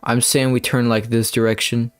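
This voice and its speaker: A young man giving rambling, playful gameplay commentary, with bursts of excitement when things go his way. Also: mid-range voice, normal speed, clear, resonant tone, faint music behind. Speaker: gamer.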